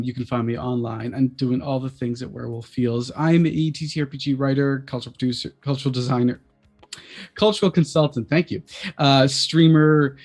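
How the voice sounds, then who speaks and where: A man appearing as a guest on a live-streamed chat show, talking in an energetic, quick way. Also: mid-range voice.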